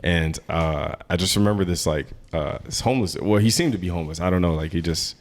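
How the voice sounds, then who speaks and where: Podcast host, male, very low pitch, rambling profane storyteller, laughs a lot. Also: brisk. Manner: animated, laughs often while telling stories. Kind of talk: casual chat.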